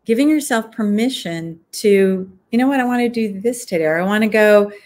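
A woman's voice: mid-range voice, lively intonation, a little fast, a little mellow. A woman, an author and guest, answering interview questions reflectively and thinking aloud with frequent fillers.

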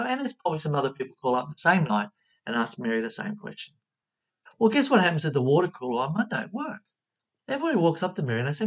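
Expressive spiritual teacher, lively pitch. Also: fast. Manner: expressive, asks the listener questions. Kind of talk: motivational talk.

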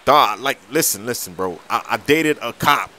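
A man's voice: medium pitch, expressive, moderate pace, pushed and bright, pitched below the performer's own voice. A man voicing a nervous young man in a video game skit who mumbles in slang and keeps saying "bruh". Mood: pleading.

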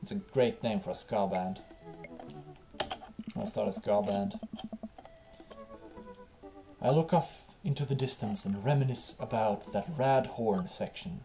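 A young Englishwoman riffing through a game stream in a loose, jokey ramble. Her voice is unusually deep for a woman, dark and mellow in tone. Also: a little slow, pauses often, soft background music. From England. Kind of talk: casual gameplay commentary.

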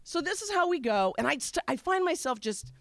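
A woman from Wisconsin tells a personal story to a live audience with a high voice that swoops up and down. She talks candidly and pokes fun at herself. The sound is close and dry, with almost no room echo. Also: expressive, brisk, fairly bright tone. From Wisconsin, USA. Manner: candid, conversational, self-mocking. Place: stage at a live storytelling show.

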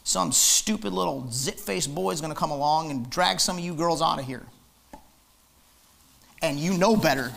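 A man's voice: on the high side, vocal fry, fairly bright tone. A man preaching a fiery, emphatic sermon in church, hammering his points with repetition. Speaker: pastor.

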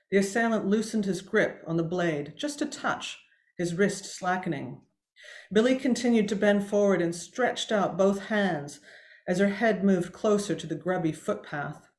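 A woman author reading a tense scene from her own novel aloud, measured and expressive, with occasional small slips. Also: lowish voice, echoey room.

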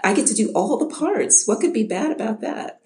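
A woman's voice: on the high side, animated, brisk, a little mellow, roomy sound. A middle-aged woman from Chicago, an audiobook narrator, talking casually in an interview, often restarting with repeated words and laughing.

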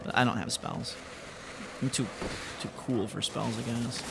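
A man giving excitable, joking commentary while playing a game, yelling at enemies. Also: mid-range voice, unhurried, vocal fry, long pauses, background noise. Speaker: let's play gamer. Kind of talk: live gameplay commentary. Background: game music.

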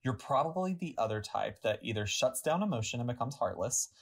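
A podcast co-host with a husky, slightly breathy voice at a middle pitch. The talk is casual and reflective, wandering through thoughts before landing on advice. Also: animated, fairly quick. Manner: reflective, advice-giving, many "like" fillers. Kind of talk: casual chat.

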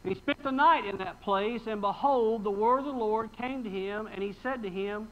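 A man's voice: high-pitched, animated, brisk, few pauses, fairly bright tone, muffled recording, a little hiss or hum. A pastor preaching a sermon in a folksy, emphatic way, reading scripture and asking his congregation rhetorical questions.

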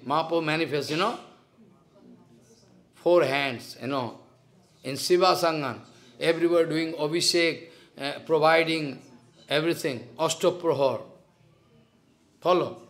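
A man's voice: fairly high pitch, a bit bright. A man with an Indian accent, a spiritual teacher telling a devotional story in simple, broken English and acting out the dialogue.

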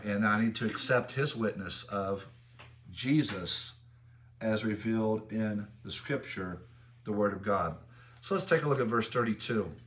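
A man preaching an expository sermon as pastor, emphatic, rising in pitch and volume when he reads scripture aloud. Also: a bit bright, distant mic, a little hiss or hum. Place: church sanctuary.

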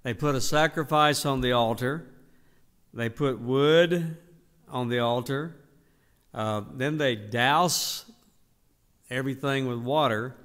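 An older man, teaching a Bible study in an unhurried, emphatic way. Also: mid-range voice, a bit bright. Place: church hall. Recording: reverberant church hall.

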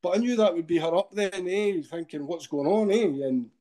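With lively intonation and a fairly quick pace, a middle-aged Scottish podcast guest rambles through his story. His voice is mellow and dark, though a bit high for a man, and he often ends lines with a questioning "eh?".

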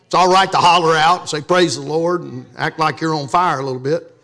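High, bright-voiced preaching pastor. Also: male voice, brisk. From Louisiana, USA. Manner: animated, joking, with call-and-response to the congregation. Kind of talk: sermon.

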